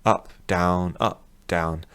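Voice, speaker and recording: A man narrating a fantasy audiobook in a steady, measured reading. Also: low-pitched, clear, resonant tone.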